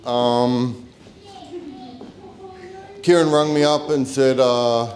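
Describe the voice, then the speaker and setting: Laughing Australian dad giving a speech. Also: male voice, mid-range voice, steady tone, slow, long pauses, a little mellow. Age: middle-aged. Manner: chatty, laughing, self-deprecating storyteller. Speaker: father of the groom giving a wedding speech. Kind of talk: wedding speech. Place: wedding reception hall.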